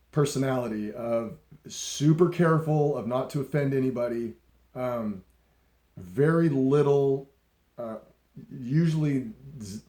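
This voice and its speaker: A man's voice: medium pitch, warm tone, reverberant. A middle-aged man hosting a talk show, telling a story in a casual, profane way and laughing often. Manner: laid-back and profane, laughs often, acts out voices in anecdotes. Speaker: podcast host.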